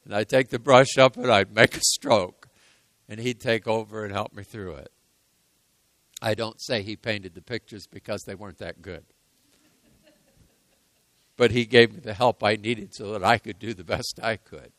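A man preaching a sermon, repeating key lines for emphasis and moving between hushed and loud passages. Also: on the low side, steady tone, moderate pace, long pauses, dry recording. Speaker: pastor.

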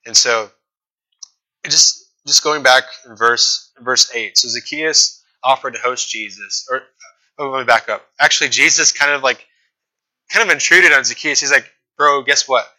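A young man delivers a sermon in a relaxed, talky way, mixing scripture reading with casual asides. His voice is strikingly bright and forward, with a pitch sitting right in the middle for a man. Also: normal speed, low-quality recording. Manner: casual, conversational preaching with fillers and acted asides. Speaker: preacher.

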